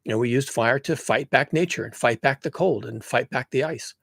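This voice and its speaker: A man's voice: mid-range voice, fairly quick, creaky, a bit bright, no room sound. A man giving a casual, emphatic monologue, rambling with restarts as he builds his points. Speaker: commentator on climate and human nature.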